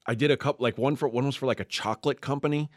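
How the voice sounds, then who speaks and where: A man rattles off team rankings and betting lines in a brisk, plain manner. His voice is mid-pitched and recorded dry and close. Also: steady tone, no room sound. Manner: brisk, reads out stats matter-of-factly. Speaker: podcast panelist. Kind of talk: casual sports betting chat.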